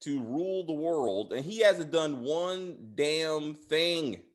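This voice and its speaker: A man's voice: on the high side, animated, slow. A man hosting a casual TV spoiler review, rambling and profane with lots of filler words. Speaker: show host reviewing TV episodes.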